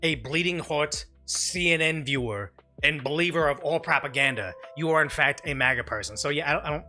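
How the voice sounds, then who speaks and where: Male streamer, opinionated reaction commentary, a bit high and very forceful, restarts often. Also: brisk, faint music behind. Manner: emphatic, rambling, restarts mid-sentence. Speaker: live stream host.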